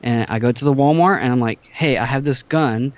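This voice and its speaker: A young man from Georgia chats casually on a podcast, acting out both sides of each exchange in his stories. His voice sits at an ordinary pitch. The audio is dull and lo-fi, like a remote call. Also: fairly quick, dry recording. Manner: animated storytelling, acting out both sides of dialogue. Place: home, California.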